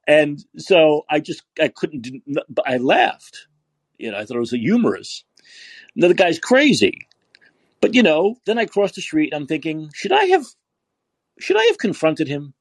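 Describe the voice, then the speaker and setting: A man's voice: fairly high pitch, animated, moderate pace, husky, no room sound. A man from New York hosting a call-in podcast, ranting and profane, often repeating himself as he restarts sentences. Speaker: podcast host. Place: San Francisco.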